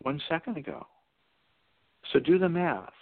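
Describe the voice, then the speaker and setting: A man's voice: on the high side, very animated, measured pace, dry recording. A man telling stories as a radio guest, acting out the people in them. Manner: anecdotal, acts out the people in his stories. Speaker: radio guest, seminar teacher. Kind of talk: storytelling on a radio call-in. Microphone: telephone. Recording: tinny phone line, dry.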